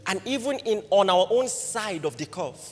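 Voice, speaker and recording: This is a sermon built around a personal story, delivered by a man with a Nigerian accent whose voice sits high and moves at a moderate pace. He preaches in a lively, anecdotal style, often posing rhetorical questions to the congregation. The recording has the echo of a large hall and some faint music.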